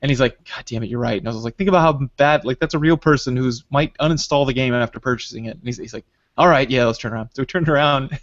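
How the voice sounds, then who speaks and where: A man on a podcast tells a gaming story at a rapid clip, jumping into quoted voices as he goes. The sound is dry and close, with a dull lo-fi tone. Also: mid-range voice, no echo. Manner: animated retelling, acts out quoted dialogue. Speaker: podcast host. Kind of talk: casual storytelling chat.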